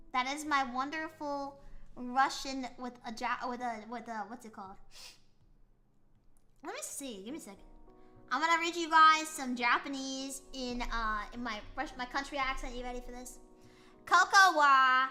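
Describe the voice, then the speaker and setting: A woman streamer with a high, bright, keen voice chats casually with her viewers. She rambles in a playful way and jokes about herself. Faint music plays behind her. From United States. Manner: playful, rambling, self-mocking. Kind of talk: casual live-stream chat.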